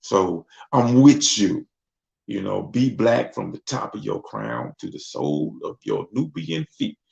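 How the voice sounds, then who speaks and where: A man's voice: lowish voice, sing-song, measured pace, creaky, darkish tone. A man from Mississippi hosting a casual talk show, speaking loosely and slipping into voices to act out other people. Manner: loose, conversational, acts out voices. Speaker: host. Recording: dull lo-fi sound.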